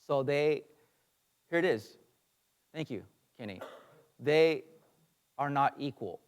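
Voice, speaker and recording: A man's voice: mid-range voice, lively intonation, slow pace. Pastor type, earnest lecturing delivery, mid-range male voice, some fillers. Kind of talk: teaching sermon.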